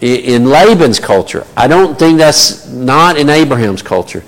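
A man's voice: medium pitch, expressive, measured pace. A man teaching a Bible study in a conversational way, with many fillers and asides. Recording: long reverb of a large hall.

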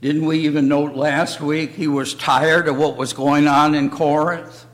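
An older man teaching a church Bible lesson in slow, halting short phrases. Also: a little high, flat delivery, a bit bright. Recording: long reverb of a hall.

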